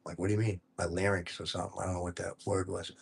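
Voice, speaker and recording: Guy with a husky lowish voice just chatting on a live stream, laid back, kinda quiet. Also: flat delivery, rapid-fire. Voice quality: distinctive low voice that people remember. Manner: easygoing, chatty storyteller; talks quietly and is sometimes hard to hear. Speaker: livestream host. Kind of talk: casual chat.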